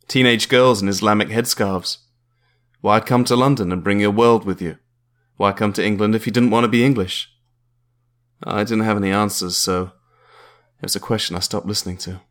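Dry, wry male memoir narrator. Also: on the low side.

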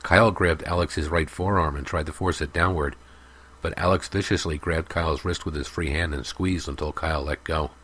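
A man narrating a story in a steady, even audiobook style. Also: very deep voice, normal speed, breathy edge.

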